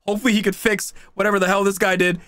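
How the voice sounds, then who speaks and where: A young man hosting a casual stream chat, excitable and quick to laugh and yell. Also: sits high, clear, resonant tone, no room sound, clean studio sound. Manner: excitable, laughs and yells in bursts. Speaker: streamer host. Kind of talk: casual chat reacting to videos.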